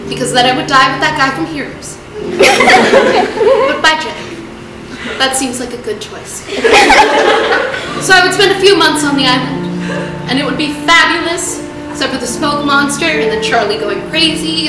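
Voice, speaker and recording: A woman's voice: sits high, normal speed, far from the mic, over loud music. A teenage girl performing a confessional one-woman stage show, swinging between jokes and tearful apology. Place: theater stage. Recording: echoey theater with room noise.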